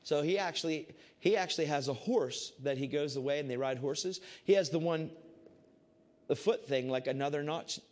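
A man giving a casual, animated Christian testimony to a group. He swings between loud excitement and hushed intensity. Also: fairly high pitch, normal speed. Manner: casual, repeats "I said" often. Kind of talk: testimony storytelling to a crowd.

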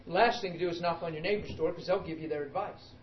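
A man preaching a sermon in an emphatic, animated way, calling out to the congregation. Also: fairly high pitch, quick pace, echoey room, muffled recording, a crowd in the background.

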